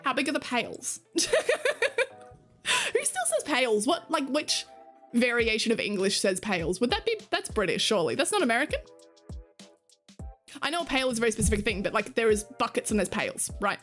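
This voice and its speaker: A woman's voice: on the high side, big pitch swings, normal speed, pauses often, a bit bright, faint music behind. A woman streaming, chatting with her viewers in a casual way, laughing often and swearing casually. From Australia. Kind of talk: casual chat reading stream chat.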